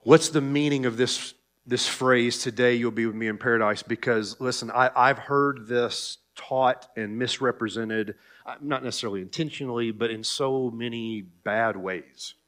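A pastor delivers a sermon at a moderate pace, animated and at times sarcastic with pointed asides. He addresses the congregation directly, swinging between quiet, low lines and loud, emphatic ones.

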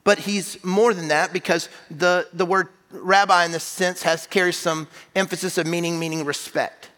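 In a church sanctuary, a pastor preaches in a bright, forceful, fairly high male voice, keeping a steady tone at normal speed. He's conversational and emphatic, frequently restarting phrases, and his words echo with a long reverb.

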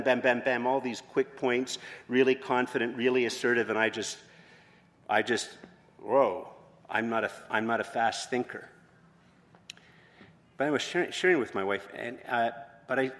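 A man, a pastor, preaching a sermon in a conversational way that rises to loud, emphatic proclamations. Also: mid-range voice. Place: church hall with long reverb. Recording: reverberant church hall.

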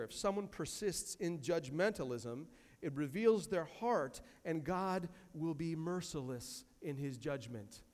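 A male pastor delivers a sermon in a somewhat high voice, leaning hard on repeated words and scripture quotes. His voice rings with a long reverb off the church sanctuary. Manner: emphatic, repeats key phrases, quotes scripture.

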